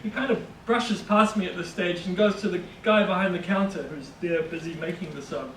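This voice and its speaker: High-voiced New man telling a story. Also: fairly quick, few pauses, fairly bright tone, reverberant, far from the mic, a little hiss or hum, low-quality recording. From New Zealand. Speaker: storyteller and interviewer. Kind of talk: casual anecdote.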